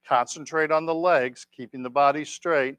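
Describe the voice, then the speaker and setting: A man leading a tai chi class, giving calm step-by-step cues and gentle praise on a clip-on mic. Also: on the high side, moderate pace, clean tone, dry recording. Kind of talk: guided exercise class. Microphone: clip-on microphone.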